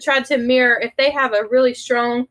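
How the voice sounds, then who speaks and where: A woman's voice: fairly high pitch, fairly even intonation, fairly quick, a bit bright, poor audio. A woman with a Southern American accent, co-hosting a business talk show in a friendly, chatty way. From southern United States. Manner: friendly, chatty, lightly laughing. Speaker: co-host. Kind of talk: casual business chat.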